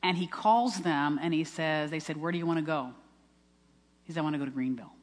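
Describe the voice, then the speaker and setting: An older woman in her sixties shares a heartfelt testimony in a fairly low voice, earnest and storytelling, often restarting her sentences. Her words ring out with the long reverb of a large church hall. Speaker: speaker giving a personal testimony.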